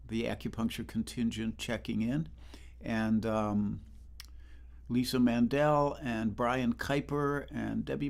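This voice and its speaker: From home, an older man hosts a livestream concert, chatting casually and rambling between songs while greeting viewers by name. His mid-range voice is gravelly, picked up by a livestream microphone.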